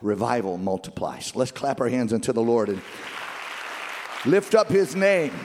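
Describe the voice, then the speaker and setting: A male pastor preaching a sermon at a church service, calling out for the congregation to repeat after him and building to fervent shouting. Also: mid-range voice, very animated, moderate pace, big-room sound, crowd noise, noisy background. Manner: exhorting call-and-response with the congregation.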